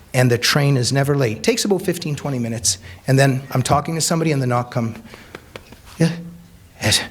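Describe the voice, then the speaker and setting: A man, an author, giving an earnest, emphatic speech to a live audience, telling anecdotes. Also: medium pitch. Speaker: author and speaker.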